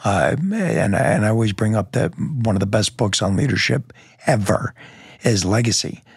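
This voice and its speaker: A man's voice: lowish voice, expressive, normal speed, vocal fry, husky, no echo, clean studio sound. A middle-aged man, a police lieutenant, speaking as a podcast guest in an earnest, blunt, plainspoken way, with some mild cursing. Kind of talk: candid interview storytelling.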